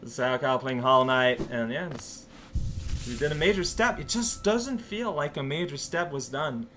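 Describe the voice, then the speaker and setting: Over game music, this let's play host keeps up loose, playful commentary, talking to himself and the characters as he goes. He sounds animated and a bit bright at a moderate pace and medium pitch, with slight background noise.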